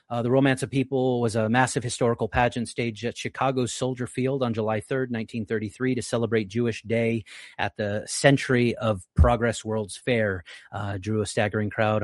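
A man's voice: no room sound, clean studio sound. A man hosting a live stream, giving religious commentary in an earnest, stumbling way, repeating words as he goes. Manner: earnest, repeats words often, rises in pitch when emphatic. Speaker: livestream host.

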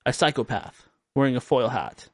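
A man's voice: mid-range voice, lively intonation, moderate pace, dry recording, studio quality. Rambling, joking male podcast host. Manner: rambling, joking, self-mocking. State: tired and drowsy. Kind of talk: late-night radio show monologue.

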